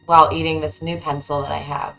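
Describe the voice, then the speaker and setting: A woman's voice: low-pitched, flat delivery, fast, vocal fry, a bit bright, soft background music, low-quality recording. A woman playing a tabletop game, rambling as she describes her actions. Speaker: player.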